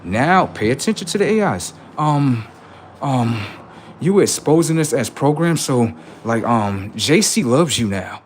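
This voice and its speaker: A man's voice: medium pitch, lively intonation, unhurried, slight background noise. A man streaming live, rambling through commentary and stories and checking in with "right?" often.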